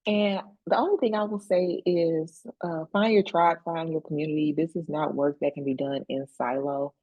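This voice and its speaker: A woman's voice: sits low, steady tone, normal speed, dry recording, highs cut off. A woman speaking directly and reflectively as a panelist on a video call. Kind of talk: casual panel conversation.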